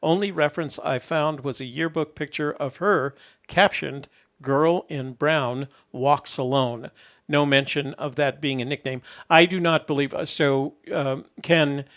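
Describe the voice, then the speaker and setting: Host type, male, gravelly and somewhat high, loose rambling call-in chat. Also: normal speed, hardly any pauses, a bit bright. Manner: easygoing, rambling with fillers.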